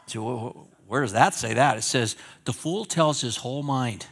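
A man preaching a sermon in a Wyoming accent, rising to loud emphatic peaks and then dropping to low, conversational asides. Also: unhurried, vocal fry. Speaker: pastor.

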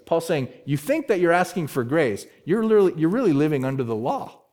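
A man's voice: on the high side, big pitch swings, fairly quick, a little mellow. A male pastor preaching an expository sermon, emphatic, repeating key words and asking rhetorical questions.

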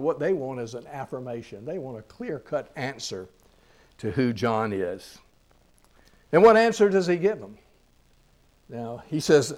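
A man's voice: medium pitch, big pitch swings, unhurried, long pauses, darkish tone. A man preaching a sermon, reading scripture aloud and explaining it with rhetorical questions. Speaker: pastor.

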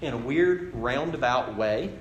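A man's voice: animated, a little slow, echoey room, a little hiss or hum. A man, a pastor preaching a sermon in a conversational storytelling way. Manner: storytelling, conversational, shifting to low dramatic delivery.

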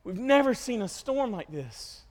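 A man's voice: extremely high pitch, sing-song, unhurried, darkish tone, heavily acted. A man preaching, acting out a frightened disciple begging for rescue from a storm. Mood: pleading. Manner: pleading, desperate. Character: panicked male fisherman disciple in a storm. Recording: long hall reverb.

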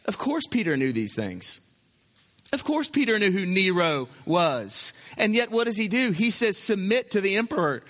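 A man preaching a sermon as pastor, animated, voicing imagined objections. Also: high voice, moderate pace, long reverb tail.

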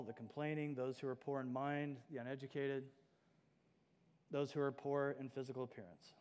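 A man's voice: mid-range voice, darkish tone, smooth, big-room sound. A man preaching a sermon as pastor, earnest and emphatic. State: out of breath.

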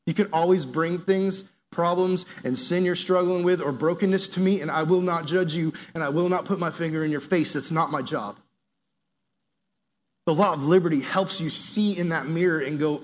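A young man giving a conversational, earnest youth sermon, acting out inner voices and prayers. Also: on the high side. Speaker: youth pastor.

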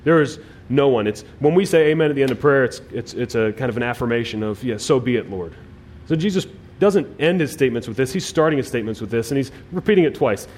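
A male pastor preaching a sermon, emphatic, with swings between loud and quiet phrases and frequent restarts. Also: medium pitch, animated, fast talker, hardly any pauses, a little hiss or hum. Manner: repeats words as he restarts phrases.

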